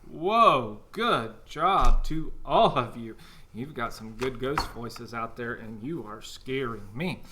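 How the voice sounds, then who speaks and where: A man's voice: mid-range voice, animated, takes it slowly, background noise. A man teaching a children's music class, counting down and cheering the kids on.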